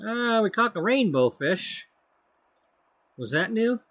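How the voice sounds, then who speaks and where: Slow-talking man narrating a life-sim game. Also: sits high, very animated, a bit bright, dry recording. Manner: rambling, muttering to the game. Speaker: let's play host. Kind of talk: casual gameplay commentary.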